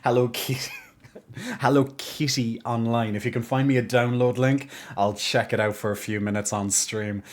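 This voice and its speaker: A man's voice: medium pitch, fairly even intonation, moderate pace. A young man live-streaming at his gaming desk, chatting casually with viewers. He rambles and often restarts his sentences. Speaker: game streamer.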